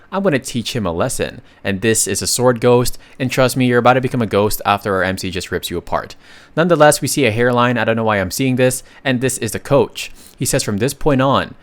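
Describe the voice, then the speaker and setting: A man casually narrating a comic recap, reading the characters' lines aloud and adding offhand asides. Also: medium pitch. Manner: chatty, reads dialogue aloud with asides.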